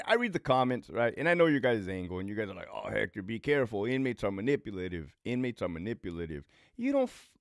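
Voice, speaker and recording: Blunt, animated man telling prison stories. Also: medium pitch, vocal fry, no echo, clean studio sound. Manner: profane, blunt, emphatic with repeated phrases. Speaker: former prison lieutenant turned online host. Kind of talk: casual livestream storytelling.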